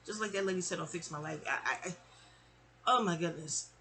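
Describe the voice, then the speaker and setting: A middle-aged woman from New York telling a long personal story in a chatty, animated way, slipping into other people's voices. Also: fairly low pitch, a little fast, faint music behind. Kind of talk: casual storytime monologue.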